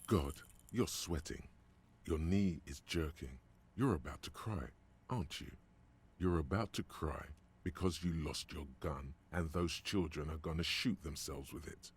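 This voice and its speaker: An actor voicing the hero's inner voice in a video game, giving dry, wry narration. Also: male voice, very deep voice, measured pace, husky, exaggerated voice. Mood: mocking. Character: the inner voice of the hero's mind, male, deep.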